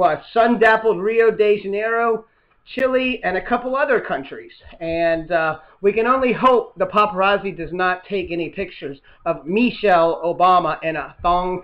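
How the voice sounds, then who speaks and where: A man hosting his own show, delivering a sarcastic, rambling political news monologue with many fillers. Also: high voice. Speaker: host. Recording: dull lo-fi recording.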